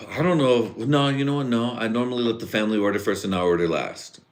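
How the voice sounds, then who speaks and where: A man's voice: mid-range voice, fast talker, slight background noise. A tipsy man hosting a casual live podcast, rambling and swearing a lot while laughing between thoughts. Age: adult father and husband. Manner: rambling, profane, laughs often. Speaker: podcast host. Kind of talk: casual live-stream rant.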